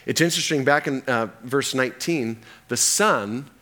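A man preaching with lively storytelling energy, his voice in an ordinary middle register. He dramatizes each scene and leans into the characters as he goes. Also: mid-range voice, moderate pace. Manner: animated storytelling, acts out the characters. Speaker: pastor. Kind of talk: sermon.

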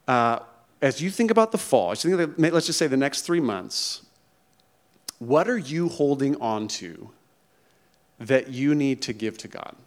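A male pastor preaching a conversational sermon who often checks in with the congregation. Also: mid-range voice. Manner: conversational, emphatic, checks in with "okay?" and "right?".

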